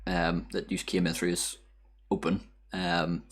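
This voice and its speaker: Low, husky-voiced man as game master, hesitant descriptive narration. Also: level tone, a little slow. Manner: hesitant, descriptive, with frequent fillers. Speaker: dungeon master.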